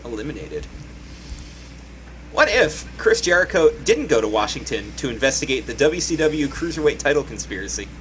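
A man's voice: medium pitch, big pitch swings, moderate pace, fairly bright tone, slight background noise, low-quality recording. A man hosting a casual podcast chat, reading out listener entries with a joking manner. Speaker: podcast host.

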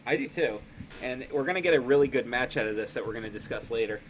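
A man's voice: mid-range voice, animated, quick pace, a little hiss or hum. A man co-hosting a casual recap chat, running through events and laughing often. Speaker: podcast co-host.

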